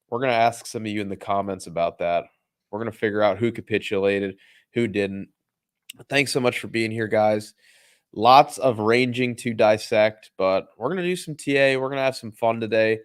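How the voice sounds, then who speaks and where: Guy hosting a market stream, kinda low voice, dry close sound, chill and upbeat. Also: no echo. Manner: upbeat, greets chat by name. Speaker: show host. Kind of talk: casual livestream market talk.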